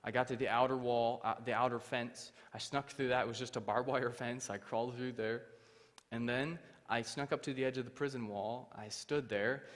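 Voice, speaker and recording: A man's voice: medium pitch, fairly even intonation, normal speed, in a large hall. A young man giving his testimony from a church stage. He tells the story with animation and acts out the other people's voices. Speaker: guest speaker. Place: church hall.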